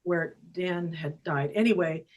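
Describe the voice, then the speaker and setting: An older woman, a guest energy healer, telling a personal story in casual talk over a video call, animated and laughing often. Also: lowish voice, measured pace, poor audio. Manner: animated, laughs often, acts out her own quotes.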